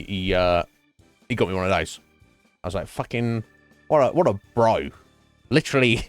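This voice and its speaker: At home on a gaming stream, a man with a somewhat low voice chats casually, rambling along and swearing freely. The recording is dry.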